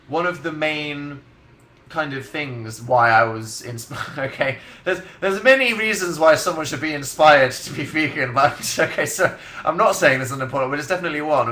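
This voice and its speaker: This English livestream host, a young man in his twenties, chats casually and sardonically from his indoor bedroom setup, rambling and laughing often as he reads comments. The sound is reverberant, and his medium-pitched voice is bright and forceful.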